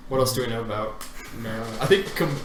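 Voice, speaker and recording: A man's voice: medium pitch, a crowd in the background. A young man co-hosting a podcast in casual chat, joking and playful. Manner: joking, playful, reads out a mock web address slowly. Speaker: podcast co-host. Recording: echoey room with faint background noise.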